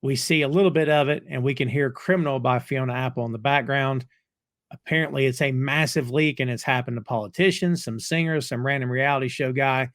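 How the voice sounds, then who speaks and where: A man's voice: mid-range voice, a little fast, a bit bright, no room sound, clean studio sound. A man hosting a casual review podcast, retelling scenes in a chatty way with fillers. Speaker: podcast host recapping an episode.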